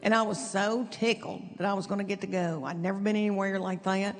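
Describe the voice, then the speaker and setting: A middle-aged woman from East Tennessee with a Southern accent, telling chatty, self-deprecating stand-up stories in a drawn-out folksy way. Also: medium pitch, fairly even intonation. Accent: Southern American (East Tennessee). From East Tennessee, USA. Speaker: stand-up comedian. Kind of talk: stand-up storytelling. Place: large theater stage with audience. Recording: long hall reverb, clear audience ambience.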